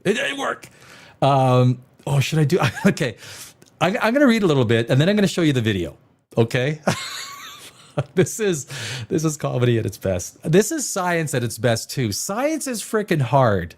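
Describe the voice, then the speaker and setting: A man's voice: fairly high pitch, very animated, moderate pace. A man hosting a live science and news show, reading items aloud and rambling off into jokes. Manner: jokey, rambling, laughs at his own jokes. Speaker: host. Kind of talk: casual live show commentary.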